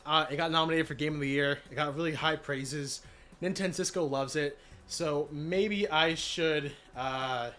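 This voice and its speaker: A man streaming live, recapping his channel's year in a casual, energetic way with many fillers and shout-outs, voice cracking after being sick. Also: fairly high pitch. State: recovering from illness, voice cracking.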